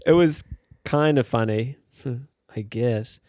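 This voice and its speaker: A man spins a funny story at a middling pitch, acting out the people in it and laughing along. He is close to a dry podcast mic with no room sound. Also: slow pace, no echo. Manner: animated, acts out quotes in a raised voice, laughs often. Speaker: podcast guest or host. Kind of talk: casual storytelling.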